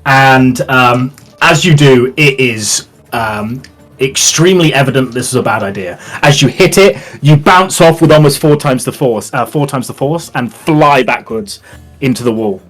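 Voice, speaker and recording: A man narrates a tabletop game as its game master, describing scenes in a relaxed, rambling way full of fillers. His voice sits at an ordinary pitch. Soft music plays faintly behind him. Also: moderate pace.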